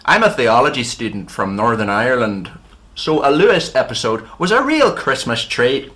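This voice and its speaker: A man reading out a listener's letter in a put-on Ulster accent, voicing a Northern Irish theology student in an exaggerated, loud way. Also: medium pitch, very animated, moderate pace. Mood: mock-earnest.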